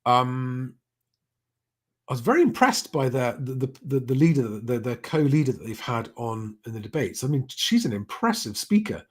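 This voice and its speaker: A man's voice: mid-range voice, very animated, moderate pace, breathy edge. A middle-aged man hosts a casual live stream, reading out chat comments and rambling with many fillers and restarts.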